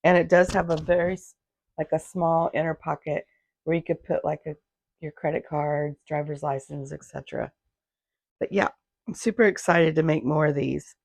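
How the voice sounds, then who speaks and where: Woman, hoarse gravelly voice, somewhat low, rambling casual vlog chat, phone recording, dry close sound. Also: steady tone, normal speed, darkish tone, no echo. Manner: rambling, loses her thread and restarts. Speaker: handmade business owner, vlogger. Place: home sewing room.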